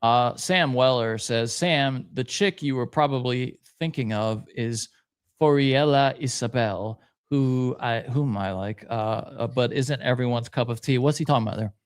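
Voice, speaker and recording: A man with a smooth, medium-pitched voice co-hosts a podcast, reading viewer comments aloud a little slowly. He's laid-back and hesitant, filling his speech with lots of uhs.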